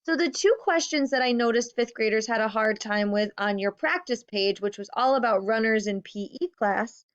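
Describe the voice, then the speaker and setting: A fairly high-voiced woman teacher walks fifth graders through a math lesson. She talks patiently, stresses key words and counts slowly. The audio sounds a little dull and lo-fi.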